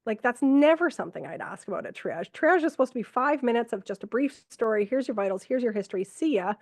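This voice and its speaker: A middle-aged woman, an ER nurse from Canada, telling stories from work in a lively conversational way, acting out what she and others said. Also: on the high side, fast, no echo. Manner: animated, quotes herself and others, frequent fillers. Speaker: ER nurse, podcast guest. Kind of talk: conversational storytelling.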